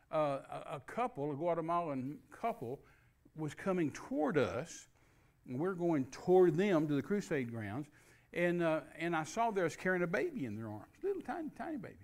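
An older man preaches to a congregation. He tells a story in a folksy way, full of restarts, and his voice sits a little high for a man. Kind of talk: sermon storytelling.

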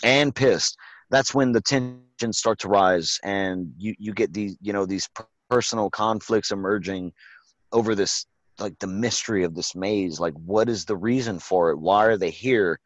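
Low-voiced man with profane, rambling talk. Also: moderate pace, no room sound. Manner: profane, rambling, acts out quotes. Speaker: podcast host. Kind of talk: casual movie review chat.

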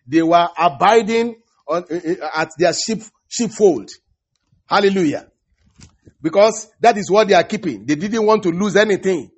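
A man preaching a sermon, halting and repeating words, breaking in with hallelujahs and praise the Lords. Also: high-pitched, expressive, husky. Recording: dull lo-fi recording.

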